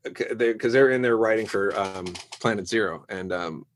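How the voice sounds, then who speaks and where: A man telling stories as a guest on a casual podcast interview, lively and acting out the voices of people he quotes. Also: fairly low pitch, moderate pace. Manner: animated storyteller who acts out quoted voices. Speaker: musician guest.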